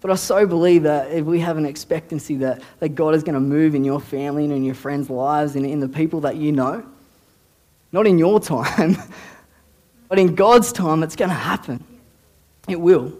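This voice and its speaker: A man preaching to his church in an easy, conversational way. His voice sits a little high, and he often repeats words and restarts phrases as he builds each point. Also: normal speed, darkish tone. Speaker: youth pastor. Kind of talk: casual sermon.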